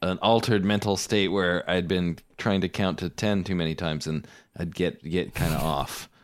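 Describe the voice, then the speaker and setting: A man's voice: sits low, steady tone, normal speed. Hesitant self-deprecating male guest. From Quebec, Canada. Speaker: podcast guest. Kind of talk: casual podcast chat.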